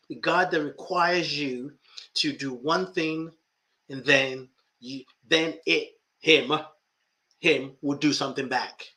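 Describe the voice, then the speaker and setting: A man's voice: on the high side, bright, forceful tone. A man who is a life coach and podcast host, talking reflectively about spirituality and often repeating phrases for emphasis.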